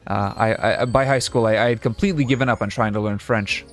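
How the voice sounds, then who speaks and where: A man's voice: lowish voice, fairly even intonation, fast talker, soft background music. A young man from Canada with a mild Canadian accent, casually rambling and self-correcting as he comments on a game he is playing. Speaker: gaming video host. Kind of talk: casual let's-play commentary.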